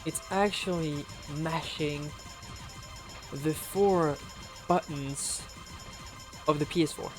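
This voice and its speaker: Male French-accented streamer, slow, chatty, thinks aloud with frequent laughs; faint game music behind. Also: a little high, fairly even intonation. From France. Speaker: speedrunner streamer. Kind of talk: casual live-stream commentary.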